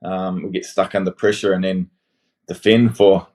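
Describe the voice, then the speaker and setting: A man with a New Zealand accent, a guest former rugby player calling in, giving relaxed, hesitant analysis full of fillers. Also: sits low, moderate pace. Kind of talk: casual podcast chat, calling in online.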